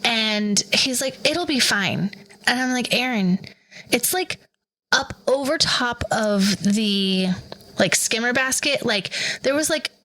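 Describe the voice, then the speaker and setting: Bright-voiced woman telling a lively story. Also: fairly high pitch, takes it slowly, poor audio. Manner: animated, lively retelling with quoted voices. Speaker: podcast co-host. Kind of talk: casual storytelling chat.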